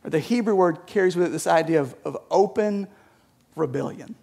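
A man with a high voice preaching to his church. He talks conversationally, restarting phrases and often checking in with the listeners. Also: normal speed, vocal fry, mellow. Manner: conversational, repeats words, often asks "right?". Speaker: pastor. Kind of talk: sermon.

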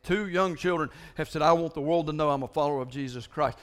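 A high-pitched man with a drawl preaches to his congregation. He talks in animated bursts, stumbling and repeating words as he builds up. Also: fast. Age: older than most listeners. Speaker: pastor. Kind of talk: sermon.

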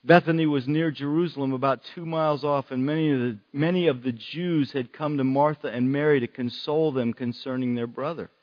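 A man's voice: mid-range voice, fairly even intonation, a little fast, hardly any pauses, lo-fi sound. A man preaching a sermon in an earnest way, repeating phrases for emphasis.

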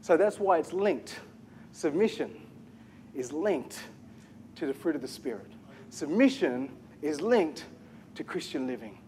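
A man preaching a sermon as pastor, animated, asking the congregation questions and repeating key phrases. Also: fairly high pitch, a little hiss or hum.

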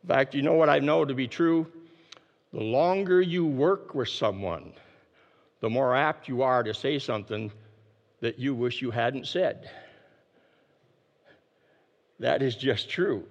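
A man preaching a sermon, emphatic and repeating his key phrases, dropping his voice low to stress a point. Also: expressive, unhurried, long pauses, long reverb tail, highs cut off. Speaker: pastor.

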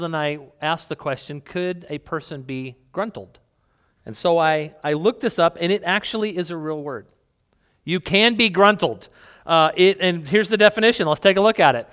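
A male pastor with a smooth, clear voice that sits fairly high for a man. He preaches in a relaxed, conversational way, joking with the congregation between points. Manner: conversational, playful asides to congregation. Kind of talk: sermon. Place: church hall with congregation.

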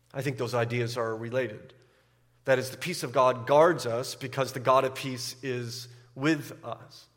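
In a large hall, a pastor preaches a sermon at a slightly slow pace, often repeating words as he builds and rising loud and high at key moments.

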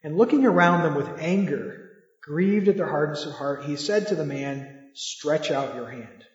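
A man's voice: fairly high pitch, moderate pace. A man preaching a sermon in a conversational way, asking the listeners rhetorical questions. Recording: echoey hall, dull lo-fi sound.

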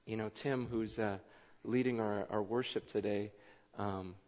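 A man preaching a sermon as pastor, telling stories with much repetition and swinging between loud excitement and hushed earnestness. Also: lowish voice, a little slow. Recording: muffled hall recording with long reverb.

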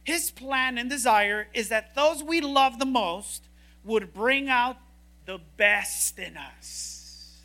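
A woman preaching a sermon in an animated, joking, emphatic way. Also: a little high, slow.

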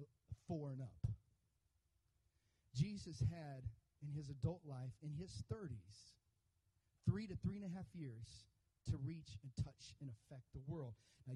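A man preaching a sermon to his church, moving from chatty asides to loud, emphatic calls for the congregation to answer back. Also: a little high, husky, rough recording. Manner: builds to loud emphatic preaching with call-and-response; conversational asides with humor. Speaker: pastor. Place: church sanctuary.

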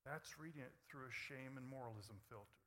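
A man's voice: medium pitch, brisk. Emphatic preacher man in an echoing hall. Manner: emphatic, swings between quiet intimacy and loud bursts. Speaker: pastor. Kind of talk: sermon.

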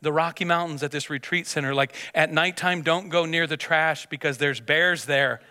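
A pastor preaching a sermon, telling a story with stammered restarts and repeated words. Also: male voice, a little high, normal speed, pushed and bright. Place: church sanctuary. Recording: long church hall reverb.

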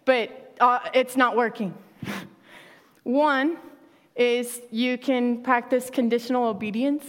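A woman's voice: on the high side, slow, big-room sound. A woman pastor preaching a sermon in a conversational way, laughing often and acting out quotes.

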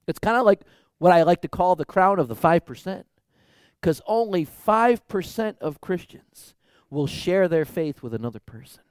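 High-voiced pastor, emphatic sermon. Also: male voice, lively intonation, moderate pace, smooth, no echo, clean studio sound. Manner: builds from quiet asides to loud, emphatic exhortation; repetitive, rhythmic preaching with rhetorical questions.

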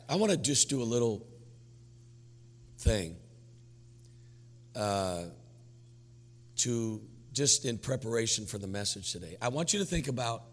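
A man's voice: mid-range voice, big-room sound. A man preaching as pastor, his voice weak and worn, joking with the congregation in a folksy way. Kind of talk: sermon.

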